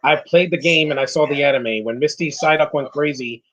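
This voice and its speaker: Man, casual watch-along commentator, husky voice, opinionated rambles. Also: fairly high pitch, a little fast, fairly bright tone, dull audio. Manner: rambling, opinionated, with frequent restarts. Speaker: live movie commentator.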